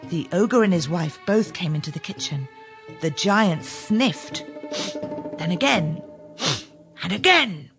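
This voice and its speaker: A woman narrating a children's fairy tale in an expressive storytelling manner. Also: fairly low pitch, measured pace, over music.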